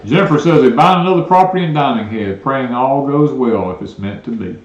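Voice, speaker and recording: A man's voice: medium pitch, animated, a little fast, reverberant, dull audio. A man with a Southern US accent co-hosting a homestead live stream, rambling casually and reading viewer comments aloud. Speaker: homestead channel co-host.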